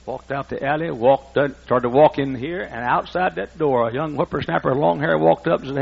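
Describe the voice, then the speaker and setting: A man in his sixties preaching a sermon, emphatic and repetitive as he builds toward shouting. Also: fairly high pitch, brisk, creaky, hardly any pauses, breathy edge, muffled recording. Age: 60s. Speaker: pastor.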